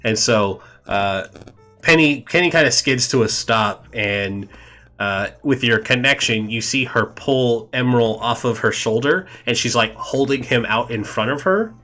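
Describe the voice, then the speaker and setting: A man's voice: medium pitch, a little slow, pushed and bright, soft background music. A man narrating a tabletop game as game master, rambling with many fillers.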